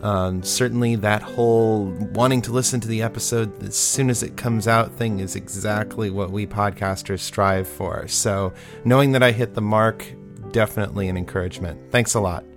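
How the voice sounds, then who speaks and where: Playful, low-voiced man hosting a podcast. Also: fairly even intonation, moderate pace, over music. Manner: playful, enthusiastic, chatty. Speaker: podcast host. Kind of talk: casual chat reading listener feedback.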